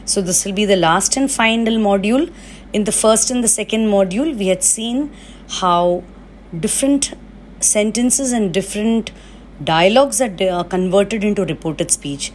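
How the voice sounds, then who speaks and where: A woman's voice: mid-range voice, moderate pace, a little hiss or hum. A woman teacher giving a recorded grammar lesson, explaining patiently and checking in often with "okay?".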